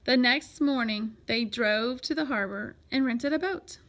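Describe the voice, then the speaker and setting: A woman reading a children's picture book aloud in an expressive, lively way. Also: on the high side, measured pace. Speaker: storyteller.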